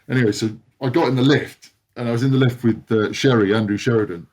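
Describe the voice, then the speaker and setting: A man's voice: mid-range voice, fast. A man in his forties from England, a retired rugby player guesting on a podcast, telling stories with lots of laughter, swearing and stumbles. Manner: animated anecdote-teller, laughs often, swears, stumbles over words. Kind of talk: casual storytelling chat.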